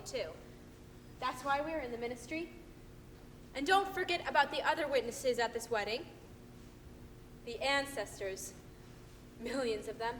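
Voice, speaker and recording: A woman's voice: high-pitched, fairly bright tone, big-room sound, slight background noise. A woman playing a homespun small-town minister giving a short folksy sermon in a live stage play. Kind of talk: live amateur stage acting. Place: theater stage.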